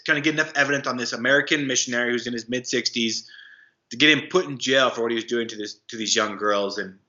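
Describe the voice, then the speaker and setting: Bright-voiced man telling a story haltingly. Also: mid-range voice. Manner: halting, many fillers and restarts. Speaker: podcast guest, anti-trafficking worker. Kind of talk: casual storytelling. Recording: dull lo-fi sound.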